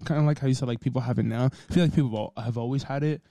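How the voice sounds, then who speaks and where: A man with a mellow, warm voice talks in loose, casual podcast chat. He rambles, drops a lot of fillers and swears freely. The sound is dry and close, with no room around it. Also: mid-range voice, racing, no echo. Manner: profane, rambling, laid-back. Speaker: podcast co-host.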